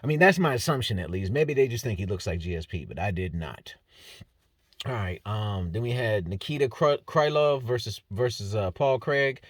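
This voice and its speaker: This is a casual solo commentary from a man hosting an MMA fight breakdown, his lowish voice full of lively intonation at a normal speed. He jokes about the results, rambles, and fumbles fighters' names, all in a dry, clean studio recording.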